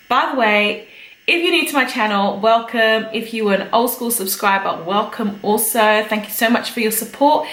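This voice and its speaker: A woman's voice: medium pitch, a bit bright, reverberant, low-quality recording. A chatty woman giving a pregnancy update on her vlog, a little out of breath and laughing often. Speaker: vlogger.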